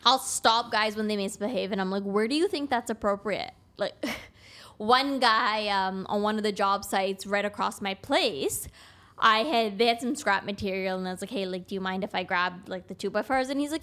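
A blunt young woman chatting on a casual podcast, telling stories with animated energy. She acts out the other people's lines in quick back-and-forth dialogue. Her voice sits at an ordinary middle pitch for a woman. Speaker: podcast guest, construction taper.

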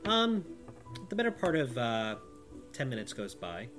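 Animated game master man over music. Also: mid-range voice, a little slow. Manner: relaxed, lots of fillers. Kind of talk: narrating a tabletop game. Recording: background music.

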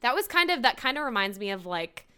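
A woman co-hosting a relaxed chat about a TV episode. Her bright, high voice swings widely in pitch as she recounts scenes, and she laughs often and acts out the characters' lines. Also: fast, clear, resonant tone. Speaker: podcast co-host. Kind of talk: casual chat recapping a TV episode. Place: New York.

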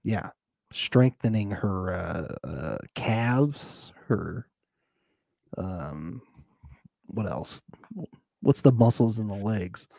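A man's voice: fairly low pitch, animated, very slow, vocal fry, pauses often, mellow, dry recording. A chatty podcast co-host, a man with a mid-range voice who laughs easily between his remarks. He talks loosely with his co-host over a remote call. The sound is close and very dry, with no room around it. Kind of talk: casual chat.

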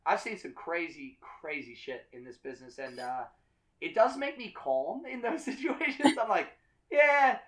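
A man's voice: fairly high pitch, expressive, normal speed, fairly bright tone, low-quality recording. A man hosting a casual drinking podcast, rambling, repeating his words and laughing often. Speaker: podcast host. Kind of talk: casual chat.

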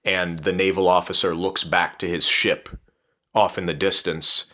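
A man's voice: low-pitched, moderate pace. A man in casual conversation, animatedly retelling a novel's plot and acting out the characters' lines. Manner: animated, laughs often, acts out quotes. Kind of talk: casual chat retelling a book.

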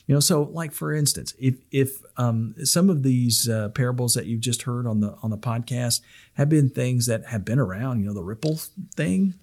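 A man's voice: mid-range voice, normal speed, darkish tone. A middle-aged man hosting a podcast on public speaking, talking in a rambling, casual way full of restarts and fillers.

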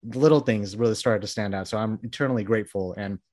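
A man's voice: on the low side, fast, darkish tone. Chatty rambling male interviewer. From Texas. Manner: rambling, enthusiastic, frequent restarts. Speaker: interviewer and publication founder. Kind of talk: casual interview chat.

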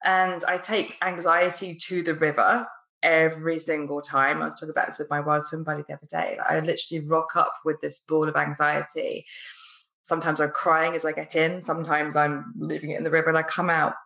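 A woman's voice: sits low, level tone, fairly quick, creaky, pushed and bright. Chatty woman hosting in a roomy space. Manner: chatty, laughs often, many "like" fillers. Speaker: podcast host. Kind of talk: casual conversation. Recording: roomy echo.

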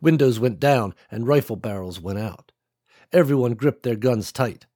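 A man narrating an action audiobook in a measured, dramatic way. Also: mid-range voice, animated, warm tone, no echo, studio quality.

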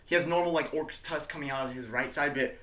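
A man's voice: fairly high pitch, fast, a bit bright. Chill guy running a tabletop game, lots of uhs and likes, swears sometimes. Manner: casual, swearing, filler-heavy. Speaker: game master.

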